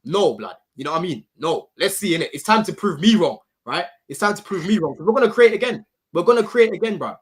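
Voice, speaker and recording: A man arguing about football in a casual podcast debate, slangy and animated. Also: high voice, fast talker, hardly any pauses, slightly rough. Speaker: podcast panelist. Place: studio.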